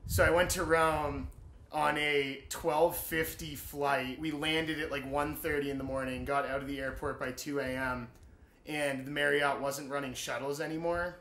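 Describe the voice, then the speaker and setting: A man's voice: fairly high pitch, fairly even intonation, moderate pace, sharp tone. A young man casually telling a story in an interview, swearing freely and laughing between beats. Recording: roomy echo.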